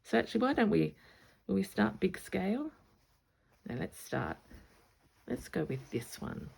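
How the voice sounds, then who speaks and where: A woman hosting a casual stitching vlog, excited, chatty and rambling as she shows her projects. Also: medium pitch, measured pace, vocal fry, husky. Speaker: stitching vlogger. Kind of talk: casual show-and-tell vlog.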